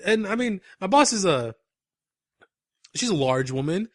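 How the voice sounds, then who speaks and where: Animated young man telling a story. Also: high-pitched, moderate pace, dry recording, studio quality. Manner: animated storyteller, laughs often at his own story. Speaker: podcast co-host. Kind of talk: casual anecdote telling.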